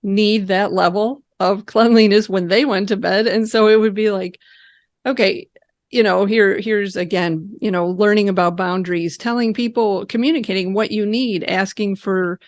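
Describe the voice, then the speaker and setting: A woman's voice: medium pitch, fairly even intonation, normal speed, no echo, studio quality. A woman guest in an interview, speaking reflectively and giving practical advice. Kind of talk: conversational interview.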